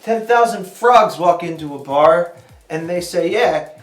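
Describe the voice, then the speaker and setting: A man in an improv comedy show tells wry bar jokes with punchlines. His voice sits high for a man. The sound is roomy and echoey. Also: expressive, unhurried, soft background music. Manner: wry joke-telling with punchlines. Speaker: improv performer. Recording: echoey room.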